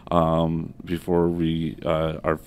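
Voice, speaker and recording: Male co-host, very low pitch, plain halting explanations. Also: monotone, darkish tone, clear, resonant tone. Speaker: podcast co-host. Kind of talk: casual chat. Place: office.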